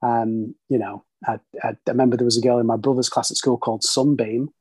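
Host, man, 40s, husky, mid pitch, chatty and rambling, dry close sound. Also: flat delivery, quick pace, no room sound. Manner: chatty, many restarts and tag questions. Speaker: podcast host. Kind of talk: casual film discussion.

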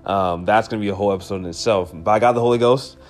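A man's voice: fairly low pitch, rapid-fire. A man hosting a devotional podcast episode, speaking earnestly and with emotion, repeating key phrases for emphasis. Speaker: podcast host.

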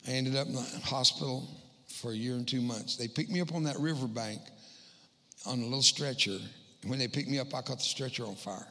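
A middle-aged man with a bright, forceful, medium-pitched voice gives a humorous testimony as a guest speaker at church, landing quick self-mocking punchlines. The church hall gives the recording a long reverb.

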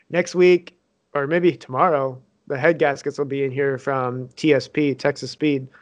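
A man's voice: mid-range voice, fairly even intonation, measured pace. A young man co-hosting a casual podcast, joking, teasing and swearing as he gives updates. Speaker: podcast co-host. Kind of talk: casual banter.

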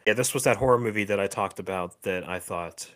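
A man with a fairly low voice co-hosts a podcast in easy conversation. He hesitates constantly, restarting his sentences and chuckling between thoughts. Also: a bit bright. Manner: halting, many fillers and restarts, laughs often. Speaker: podcast co-host. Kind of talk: casual chat.

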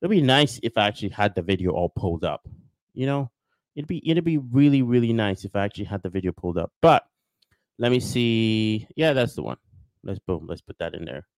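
A man hosting a casual podcast, rambling and repeating himself with lots of fillers, upbeat like a sales pitch. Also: sing-song, a little fast, no room sound. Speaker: podcast host.

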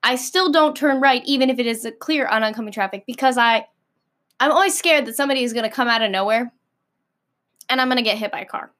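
An American woman with a slightly high voice talks in a loose, rambling vlog rant, leaning on "like" at every turn. She is blunt and sassy and swears without a second thought. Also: quick pace, a bit bright. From United States. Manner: filler-heavy, frequent "like". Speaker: vlogger. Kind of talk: casual ranting monologue.

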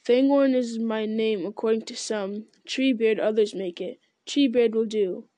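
A woman voicing an ancient, giant male tree creature who speaks slowly and solemnly, murmuring and humming as he thinks. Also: fairly high pitch, dark tone, dry recording, close to an everyday voice. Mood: ponderous. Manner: slow, deliberate, murmuring with hums.

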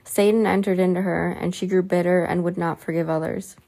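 A woman reading the lines of Jesus as a gentle, solemn man in a storybook reading. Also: lowish voice, fairly even intonation, creaky. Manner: slow, soft and solemn.

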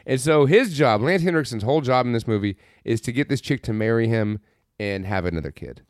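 A man's voice: medium pitch, lively intonation, brisk, no room sound, clean studio sound. A man co-hosting a podcast, recapping a film in a rambling, exasperated, profane way. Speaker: podcast co-host. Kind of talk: casual film review chat.

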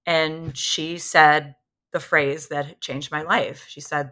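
Low-pitched, bright-toned woman telling her story. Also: takes it slowly. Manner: candid, animated retelling that acts out what others said. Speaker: podcast guest. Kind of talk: personal storytelling in a conversation.

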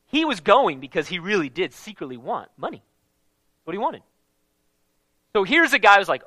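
A man preaching a casual Bible-teaching sermon in an animated, conversational way, with slang mixed in. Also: sits high, fairly quick, long pauses, no echo.

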